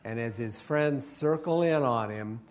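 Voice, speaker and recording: A man's voice: medium pitch, measured pace. A man in his sixties, a children's author, telling a ghost story live and coaxing the young audience to call out answers. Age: 60s.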